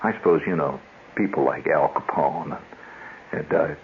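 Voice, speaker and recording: Heard over a dull, lo-fi 1970s radio broadcast with a little hiss or hum, this host has a bass voice and a moderate pace. He tells wry, rambling stories in a monologue, frequently interrupting himself.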